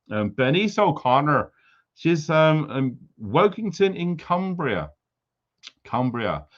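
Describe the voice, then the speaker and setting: A man's voice: mid-range voice, a bit bright. A man chatting casually on a livestream, full of teasing banter and playful jabs. His voice sits mid-range and sounds a little muffled, as if captured through a modest lo-fi mic. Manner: jokey, teasing banter with viewers. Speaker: livestream host.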